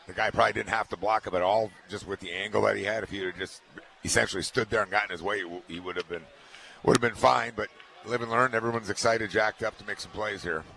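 Low-voiced analyst guy talking fast, bright punchy tone, keeps repeating words. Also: steady tone, creaky. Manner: conversational, repeats words as he thinks aloud. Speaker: color commentator. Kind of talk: radio sports analysis.

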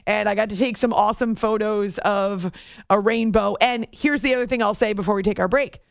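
A woman radio host telling a story in a chatty, animated way, laughing easily. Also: mid-range voice, a little fast, smooth, no room sound, clean studio sound. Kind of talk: casual storytelling on a radio show.

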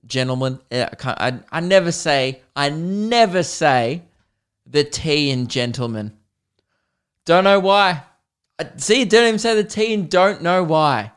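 A man's voice: medium pitch, a bit bright, clear, resonant tone. An Australian man hosting his own podcast, talking casually on his own in rambling, self-deprecating tangents. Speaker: podcast host. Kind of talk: casual solo podcast monologue.

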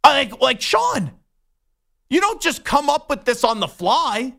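A young man on a sports talk show launches into a heated, indignant rant, his bright, tense voice pushing hard. He sounds fired up and disgusted. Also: extremely high pitch, very animated, a little slow, creaky. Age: young adult. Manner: indignant, worked up, ranting. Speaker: sports radio host.

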